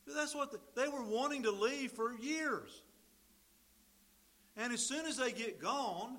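A man's voice: extremely high pitch, expressive, a little slow, pauses often, a bit bright. A man preaching a sermon in a conversational way, acting out little quoted exchanges and asides as he explains the text. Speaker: pastor.

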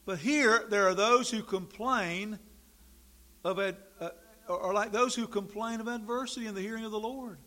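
A man preaching a sermon in an animated, sarcastic way, swinging from quiet remarks to loud, emphatic bursts. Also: high-pitched, normal speed.

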